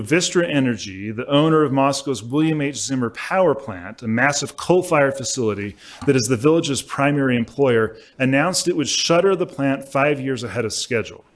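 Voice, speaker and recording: The speaker is a male law professor presenting a prepared lecture at a symposium, speaking at a podium mic in a mid-range voice. His delivery is measured and emphatic, with occasional self-corrections.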